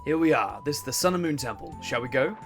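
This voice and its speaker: A young man giving casual, swearing, laughing commentary on a game he plays, and he keeps clearing his throat. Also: mid-range voice, expressive, fast talker, faint music behind. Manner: chatty, swearing, laughs a lot, self-interrupting. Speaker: let's play host.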